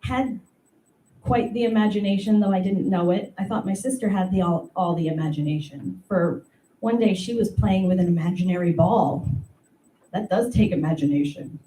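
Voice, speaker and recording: A woman hosting an open mic and telling a stand-up story, wry and unhurried with pauses. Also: lowish voice, mellow. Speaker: open mic host and comic. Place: small live comedy venue. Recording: roomy live room, distant mic, audience noise. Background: audience laughter and room ambience.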